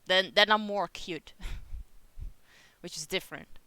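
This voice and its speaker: A woman's voice: medium pitch, slow, bright, forceful tone, clean tone, no echo. A young woman with a Dutch accent, chatting casually with her live-stream viewers and laughing often. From Netherlands. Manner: chatty, giggly, reads chat aloud.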